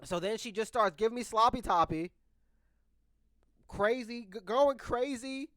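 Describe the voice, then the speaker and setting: A vlogger in his twenties candidly tells his viewers a rambling personal story, restarting his sentences often. His voice is very high with a fairly bright tone at a measured pace, recorded close to the microphone with no room sound.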